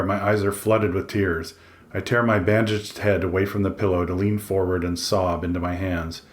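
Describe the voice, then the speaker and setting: A man's voice: low-pitched, flat delivery, moderate pace. A man reading a first-person audiobook in a dry, introspective way. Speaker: audiobook narrator. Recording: echoey room.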